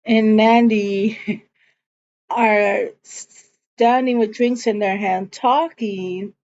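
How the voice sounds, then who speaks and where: A woman's voice: medium pitch, steady tone, very slow, a little mellow. A woman giving a chatty, slangy, casual recap of a TV episode. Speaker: show recapper. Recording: dull lo-fi recording.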